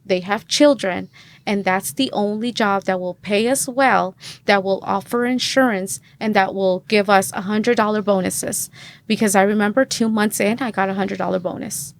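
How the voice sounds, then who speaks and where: A woman's voice: medium pitch, steady tone, normal speed. A woman in her thirties, a podcast guest, chatting through a personal testimony and acting out the dialogue she quotes. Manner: chatty, acts out quoted dialogue, many fillers. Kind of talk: personal testimony in casual conversation.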